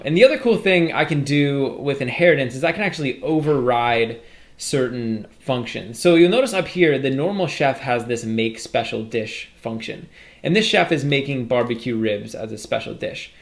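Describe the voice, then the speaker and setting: A man's voice: mid-range voice, lively intonation, moderate pace. A man explaining programming in a casual, upbeat way, walking through code as he types. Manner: casual, upbeat explaining with fillers while coding. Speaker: programming tutor. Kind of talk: screen-recorded coding tutorial.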